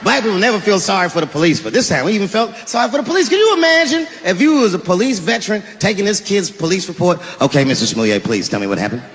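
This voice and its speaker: Animated, high-voiced male stand-up comic. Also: quick pace, few pauses, big-room sound. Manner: animated storytelling, bursts of shouting. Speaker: stand-up comedian. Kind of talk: stand-up comedy set.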